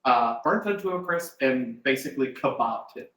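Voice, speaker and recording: A man's voice: medium pitch, lively intonation, normal speed, a bit bright, echoey room, rough recording. A man acting as game master, casually recapping a tabletop session for players at a live-streamed table, with a loose, rambling delivery full of hesitations and chuckles. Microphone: desk mic with in-ear monitor.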